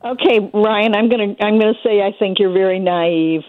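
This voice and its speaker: A woman's voice: medium pitch, normal speed, no room sound. Insistent woman on a tinny phone line. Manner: insistent, accusatory, lecturing the host. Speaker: caller. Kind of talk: call-in radio conversation. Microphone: telephone.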